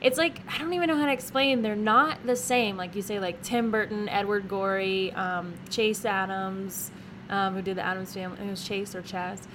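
A woman's voice: medium pitch, fairly even intonation, moderate pace, background noise. Agreeable woman in casual chat. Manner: agreeable, frequent backchannel replies. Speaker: co-host.

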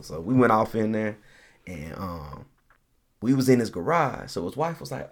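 A man hosting a podcast, telling a long story in a relaxed, animated way, acting out the people he quotes and laughing often. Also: lowish voice, normal speed, gravelly, slightly rough. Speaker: podcast host. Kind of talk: casual storytelling.

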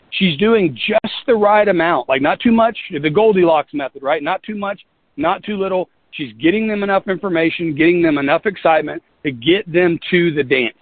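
A business leader with a high-pitched voice delivers a motivational team talk that's folksy, earnest and repetitive. There's no echo, but the line sounds tinny, like a phone.

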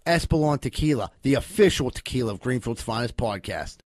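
A man's voice: medium pitch, lively intonation, fairly quick, a little mellow, dry recording. A man hosting a podcast, reading ads and telling loose, profane stories. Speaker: podcast host. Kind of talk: casual podcast chat and ad reads.

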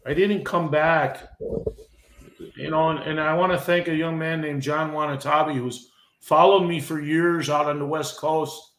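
A man's voice: on the high side, fairly even intonation, unhurried, fairly bright tone. Emotional middle-aged man in echoey room. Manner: impassioned, repeats and restarts words. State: emotional, getting heated. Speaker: wrestling podcast guest, veteran wrestler. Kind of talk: podcast interview.

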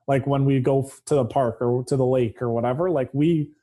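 A man speaking as a guest in a casual conversation, open and matter-of-fact, with a dark sense of humor. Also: medium pitch, steady tone, fairly quick.

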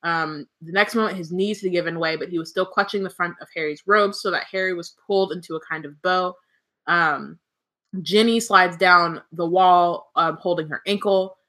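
A woman's voice: on the low side, fairly even intonation, normal speed, pushed and bright. A woman co-hosting a book podcast, reading passages aloud between casual, joking chat peppered with swearing and laughter. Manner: laughs often, swears, many "um" fillers. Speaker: podcast co-host reading the chapter.

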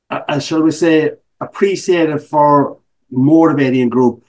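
A man's voice: on the high side, a little slow, darkish tone. A middle-aged man from Ireland with an Irish accent, a guest speaker telling stories in a casual interview with self-mocking humor.

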